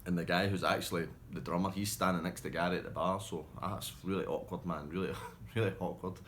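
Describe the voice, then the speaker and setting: Guy, low voice, casual rambling pub yarns, laughs a lot. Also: steady tone, brisk, fairly bright tone, a little hiss or hum. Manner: rambling, laughing, self-interrupting. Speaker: storyteller. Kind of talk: casual anecdote telling.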